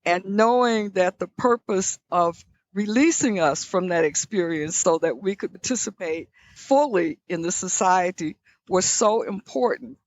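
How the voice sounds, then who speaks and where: An older woman from the American South, guest on an interview, telling personal stories in a reflective, measured way with frequent restarts. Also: lowish voice, highs cut off. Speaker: guest, leadership scholar. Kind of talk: conversational interview storytelling.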